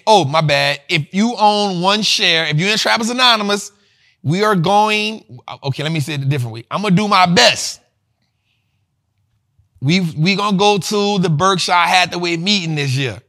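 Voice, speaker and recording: Animated, bright-voiced slangy man. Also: high-pitched. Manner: slangy, animated, repeats himself. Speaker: host. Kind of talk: livestream finance talk.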